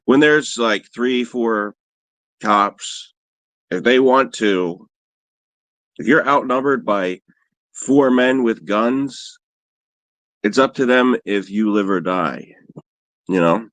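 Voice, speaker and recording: A man's voice: mid-range voice, slow pace, long pauses, a bit bright, dry recording. A man hosting a livestream, telling rambling, profane, self-mocking stories and answering viewers in casual chat. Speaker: livestream host.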